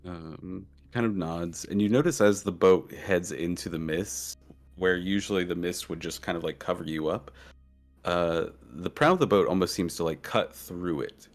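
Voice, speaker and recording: A man's voice: sits low, moderate pace. A man narrating as game master of a tabletop game, loose and full of fillers.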